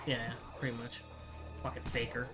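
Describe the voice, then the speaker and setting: A man's voice: medium pitch, flat delivery, normal speed, creaky, over loud music. Young man swearing through casual gaming chat. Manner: swears a lot, rambling anecdotes. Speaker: gamer co-playing.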